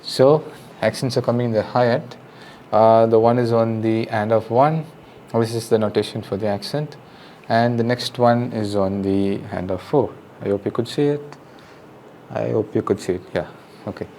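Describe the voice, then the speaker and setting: A drum teacher speaks in a lowish voice at a moderate pace, his Indian English accent coming through as he counts beats and patiently explains things step by step. It's a casual, friendly spoken lesson with loud drums and music behind him and slight background noise.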